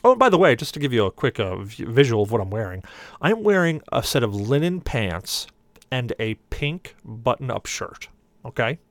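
A man on a podcast, serving as a panelist, recounts a long comic story in a mid-range voice at normal speed. He acts out the voices with animation, and the recording is dry.

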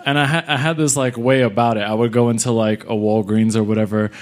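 A young man from New York City spins a funny story for a live crowd. He talks in a middle-pitched voice and keeps jumping into quick impressions of the people he met. His delivery is lively and loose. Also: a little hiss or hum. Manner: animated, acts out other people's lines. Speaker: comedian telling a live story.

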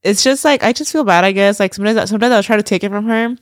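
A woman's voice: mid-range voice, very fast, no room sound, studio quality. A woman co-hosting a casual podcast, chatting loosely and sounding half asleep. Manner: chatty, rambling, says "like" and "girl" a lot. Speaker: podcast co-host. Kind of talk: casual chat. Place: studio.

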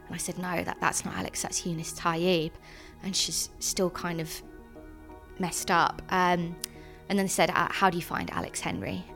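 Young adult woman, lower register, earnest and hesitant interviewee, soft music underneath. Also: vocal fry. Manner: earnest, halting, with frequent ums and restarts. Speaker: interviewee, sister of a convicted man. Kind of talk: personal account in an interview.

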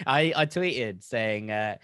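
A man's voice: mid-range voice, expressive, very slow, sharp tone, clear, resonant tone, no room sound, studio quality. A man hosting a casual football podcast, reciting a rhyming poem and then bantering and laughing with his co-hosts. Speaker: podcast host.

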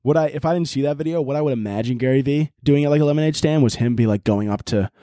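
A man's voice: medium pitch, racing, warm tone, dry recording, studio quality. A man hosting a podcast, riffing in a rambling, profane, comedic monologue and laughing often. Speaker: podcast host.

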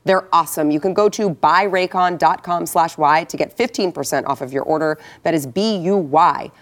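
Low-pitched female host, casual and chatty. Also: normal speed. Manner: chatty, reads sponsor ad breezily. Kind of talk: casual political talk show.

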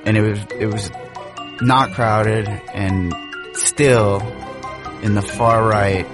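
A man recalls his days as a young cab driver and vendor in a lowish, matter-of-fact voice. Music plays clearly under him. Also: steady tone, slow. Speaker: interviewee, former cab driver and ballpark vendor. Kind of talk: casual recollection.

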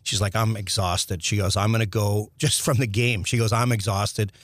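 Low-voiced man telling rambling stories. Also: normal speed, no echo. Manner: rambling, animated storyteller with frequent restarts and mild swearing. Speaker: podcast guest, former hockey player. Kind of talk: casual storytelling interview.

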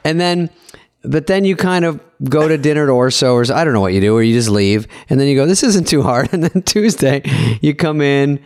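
A man co-hosting a podcast, chatting casually with frequent swearing and quick reactions. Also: fairly high pitch, lively intonation, a little mellow, clear, resonant tone. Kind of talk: casual chat.

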